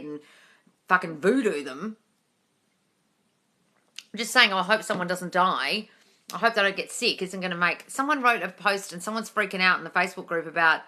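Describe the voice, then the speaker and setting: A woman's voice: mid-range voice, animated, a little fast, pushed and bright. A woman, chatting bluntly and swearing freely while she answers viewers on a home livestream. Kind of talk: casual live-stream chat. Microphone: phone mic.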